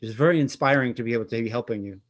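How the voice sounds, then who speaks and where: An eager young nun with a light French accent, earnest and a little halting in speech, as a man plays her in a tabletop game. The voice sits at an ordinary middle pitch. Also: close to an everyday voice.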